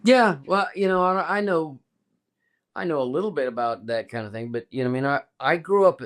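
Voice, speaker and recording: Here the older musician's voice sounds a little high, brisk, and slightly bright. He's a guest in casual conversation, telling meandering stories and cutting himself off to begin again.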